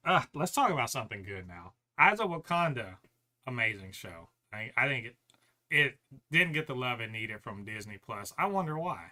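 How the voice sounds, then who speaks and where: A man talking on a casual podcast, his pitch jumping all over as he rants and swears. He keeps restarting his sentences, and his voice has a bright, forceful edge. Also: normal speed. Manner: animated, profane ranting with frequent restarts. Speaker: podcast co-host.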